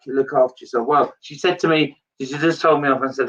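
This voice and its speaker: A man's voice: mid-range voice, fairly even intonation, fast talker, fairly bright tone. Earnest man, distant lo-fi sound. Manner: earnest, repetitive phrasing. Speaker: medium. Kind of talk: live psychic reading.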